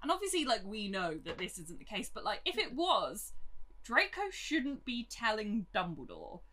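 A woman's voice: mid-range voice, wildly swooping pitch, normal speed, fairly bright tone. A young woman co-hosting a casual book discussion, chatty and agreeable, peppering her speech with fillers. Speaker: podcast co-host.

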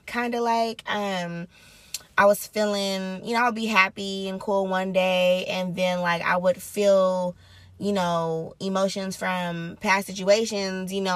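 A woman's voice: lowish voice, fairly even intonation, normal speed, dry recording. A young woman talking candidly in a personal vlog, rambling and reflective with many fillers.

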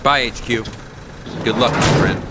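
A man's voice: mid-range voice, a little slow, heavy background noise, natural voice. A man voicing an eager young guy pushing his friends to move.

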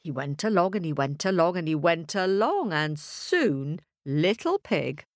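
Animated storyteller for kids, playful, unhurried, wide swoops in pitch. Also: female voice, no room sound, clean studio sound. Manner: animated, playful, makes sound effects. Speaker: children's storyteller. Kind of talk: storytelling for children.

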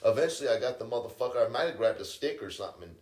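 A man's voice: medium pitch, animated, very fast, a little mellow, roomy sound, slight background noise. A man co-hosting a podcast, telling a story in casual, heavily profane chat. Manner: profane, laid-back storyteller. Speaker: podcast co-host.

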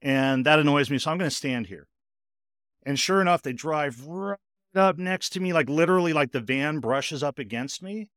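A man's voice: on the high side, moderate pace, no echo. Dry-voiced man telling a story animatedly. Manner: animated, speeds up in bursts, heavy use of "like". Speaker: podcast host. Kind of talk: casual storytelling.

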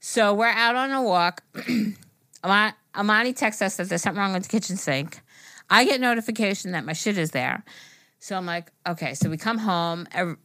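Brief: middle-aged woman podcast co-host, animated swearing storyteller, dry close sound. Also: fairly low pitch, dry recording. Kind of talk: casual chat.

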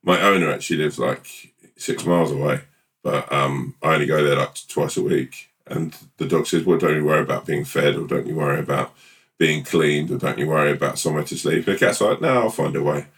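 A man co-hosting a podcast, chatting casually and telling a rambling, playful made-up story with halting restarts. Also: very deep voice, a bit bright, distant mic. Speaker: podcast co-host. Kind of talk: casual chat and improvised storytelling.

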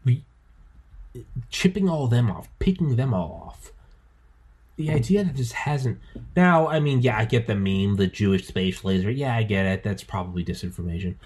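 A man in his thirties hosting a casual podcast chat, talking excitedly and profanely, stumbling over repeated words as he rambles. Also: mid-range voice, husky.

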